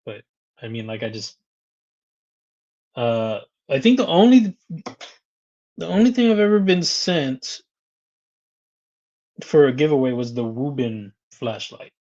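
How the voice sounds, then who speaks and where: A man's voice: medium pitch, sing-song, unhurried, pauses often, a little mellow, highs cut off. A man hosting a casual live stream, greeting viewers by name, reading their comments aloud and laughing often. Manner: chatty, reads out viewer comments and greets them; laughs often between remarks.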